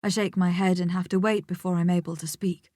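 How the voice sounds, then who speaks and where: A woman narrating an audiobook in the first person, measured and intimate, sometimes dropping almost to a whisper. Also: on the low side, flat delivery, mellow, dry recording, studio quality.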